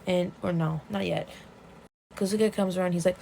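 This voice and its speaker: Young woman vlogger, lively profane storyteller, gravelly fry. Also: fairly low pitch, normal speed, slight background noise, poor audio. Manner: animated, profane, laughing storyteller. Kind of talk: casual story recap.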